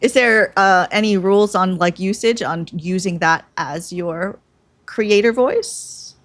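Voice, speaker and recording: A woman's voice: mid-range voice, slow, dry recording. Thoughtful woman podcast cohost. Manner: thoughtful, asks reflective questions. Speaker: podcast co-host. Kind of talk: casual podcast chat.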